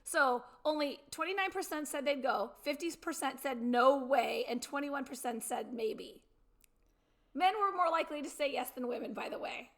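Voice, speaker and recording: A woman's voice: sits high, expressive, a bit bright. A middle-aged woman hosting a morning show, chatting casually and laughing easily. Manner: chatty and giggly, quick to laugh. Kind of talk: casual chat.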